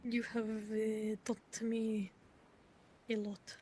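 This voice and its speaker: Earnest awkward young adventurer woman voiced by a woman, halting, a bit high. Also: monotone, warm tone, slight background noise. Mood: tender. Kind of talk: in-character tabletop role-play.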